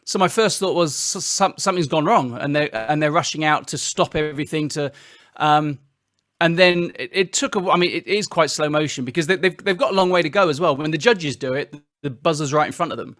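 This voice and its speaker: A middle-aged man from Britain, telling stories as an interview guest with lively restarts. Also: on the high side, brisk, no echo, clean studio sound. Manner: animated storytelling with frequent restarts. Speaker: interview guest, singer-songwriter. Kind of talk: casual interview chat.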